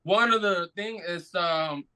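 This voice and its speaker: A man chatting as a podcast guest, his voice bright and somewhat high. He jokes and hesitates, with lots of bro. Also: slow, smooth. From USA. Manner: joking, hesitant, says bro. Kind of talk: casual sports chat.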